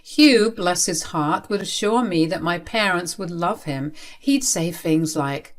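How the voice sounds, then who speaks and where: A young woman telling a first-person story in an emphatic, expressive way. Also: fairly low pitch, a little slow.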